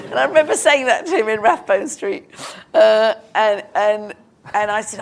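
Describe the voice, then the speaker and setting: A woman in her fifties from Britain, a film director telling animated anecdotes onstage in a live interview, acting out quotes and laughing. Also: a little high, moderate pace, a little hiss or hum. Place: live stage before an audience.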